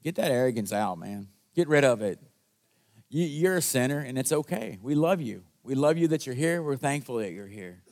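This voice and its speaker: A man delivers a sermon as pastor, speaking at a medium pitch in a plain, conversational way. He addresses the congregation directly and throws in call-and-response asides. When he acts out quoted lines, his voice jumps higher and louder. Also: animated, moderate pace.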